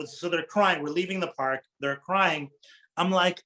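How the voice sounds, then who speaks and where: Middle-aged male preacher, fairly high voice, informal, asks the crowd questions. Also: normal speed, pushed and bright, poor audio. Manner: engaging, asks the audience questions, laughs lightly. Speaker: Islamic preacher. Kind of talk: conversational religious talk to an audience.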